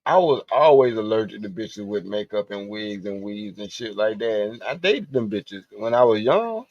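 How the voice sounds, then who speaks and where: A man's voice: on the low side, animated, normal speed, darkish tone, no room sound, highs cut off. A man hosting a livestream, telling loose, profane stories with frequent laughter. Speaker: livestream host. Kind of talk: casual storytelling.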